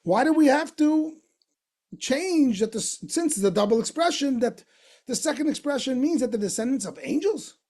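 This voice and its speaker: A man's voice: extremely high pitch, expressive, normal speed, darkish tone. A man teaching a Torah lesson as a rabbi, explaining a passage with questions and repeated points for emphasis. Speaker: rabbi teaching a text class.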